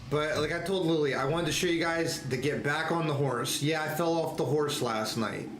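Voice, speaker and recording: A man chatting casually on a live game stream, excitable and rambling, laughing often. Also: fairly high pitch, moderate pace, a little hiss or hum. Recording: echoey room with faint ambience.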